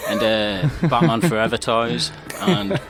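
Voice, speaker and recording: A laid-back guest with a Northeast English accent chats easily. His voice is mid-pitched, with faint music in the background. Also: animated, measured pace. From Northeast England. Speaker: podcast guest. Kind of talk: casual podcast chat.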